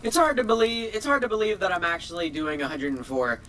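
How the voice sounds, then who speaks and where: A young man chatting casually in a vlog, rambling and excitable, swearing now and then. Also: sits high, fast, a little hiss or hum. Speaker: video creator.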